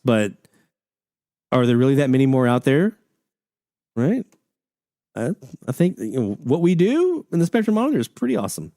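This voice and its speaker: A man's voice: medium pitch, sing-song, normal speed, pauses often, dark tone, no room sound, clean studio sound. A man hosting a live radio hobby stream, chatting enthusiastically and reading out listener messages in a folksy way. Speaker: radio hobby show host. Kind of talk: live-stream casual chat.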